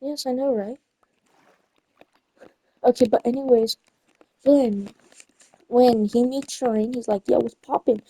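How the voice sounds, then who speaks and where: A woman's voice: a little high, steady tone, takes it slowly, pauses often, warm tone, husky, rough recording. Rambling young woman retelling a story. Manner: rambling and self-correcting, losing her place. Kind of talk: casual chat while gaming.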